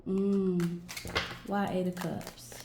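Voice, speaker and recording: Slow musing woman reading tarot. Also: fairly low pitch, little pitch movement, roomy sound, background noise. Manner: musing, talks to herself and viewers, stretches words. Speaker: tarot reader. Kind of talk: casual tarot reading monologue.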